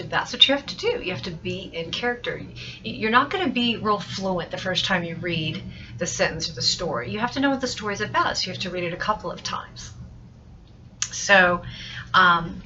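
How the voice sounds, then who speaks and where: A woman's voice: fairly low pitch, bright, forceful tone. A woman teacher giving a recorded mini-lesson. She explains through everyday examples, repeats and restarts phrases as she thinks aloud, and reads sample lines to show expression. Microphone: laptop webcam mic. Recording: muffled lo-fi webcam recording.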